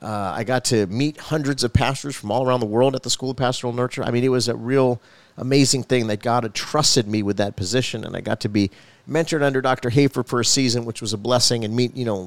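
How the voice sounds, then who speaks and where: A man's voice: mid-range voice, no echo. A male pastor telling his personal faith testimony in an earnest storytelling manner, building emphasis as he goes.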